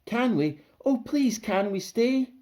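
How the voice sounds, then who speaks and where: A man's voice: very high voice, lively intonation, slow pace, dark tone, voice pushed up, heavily acted. A man voicing Raymond, a sad young beast with a small, plaintive voice. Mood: pleading.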